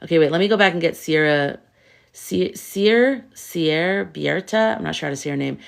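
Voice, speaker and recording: Animated woman hosting a live stream. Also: low voice, fairly quick, creaky. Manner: animated, rhetorical questions, reads viewer comments aloud. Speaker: tarot reader and livestream host. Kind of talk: casual live-stream chat.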